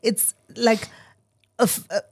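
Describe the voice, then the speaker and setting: A woman's voice: a little high, steady tone, slow pace, breathy edge. A woman from South Africa co-hosting a morning radio show in casual chat. She laughs often and restarts her sentences.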